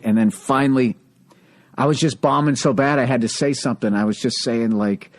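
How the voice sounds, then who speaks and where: A man in casual conversation, telling animated, profane stand-up club stories. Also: mid-range voice, a little fast. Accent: Boston. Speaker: comedian, podcast co-host. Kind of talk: casual chat, storytelling.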